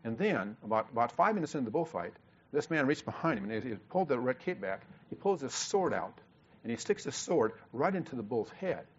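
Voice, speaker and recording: An older man from Illinois preaching a sermon, telling a story in low asides, then rising to loud exhortation, with frequent repeated words. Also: big pitch swings, brisk, slight background noise. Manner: repeats words and restarts often. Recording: dull lo-fi recording.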